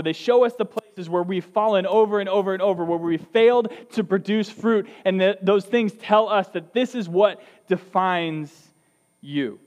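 High-voiced young pastor in a hall. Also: male voice, moderate pace, a little mellow, lo-fi sound. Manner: storytelling, conversational with repeated restarts. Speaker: student pastor. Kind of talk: sermon. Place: church hall. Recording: long reverb of a large hall.

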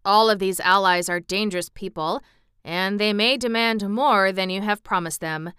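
A woman voicing a suspicious, anxious male gnome king in a storybook reading, with loud emphatic exclamations. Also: medium pitch, normal speed, clear, resonant tone, no room sound, clean studio sound, close to an everyday voice.

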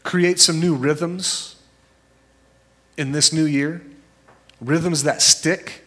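Male pastor with a higher voice, casual storytelling sermon delivery. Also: fairly even intonation, drawn-out words, fairly bright tone. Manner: conversational, storytelling preacher; shifts into high voices for quoted people.

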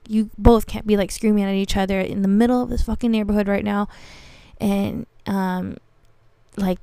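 Young woman, podcast host, casual storytelling, profane, animated, dry close sound. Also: mid-range voice, creaky, dry recording. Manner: profane, animated, laughs often.

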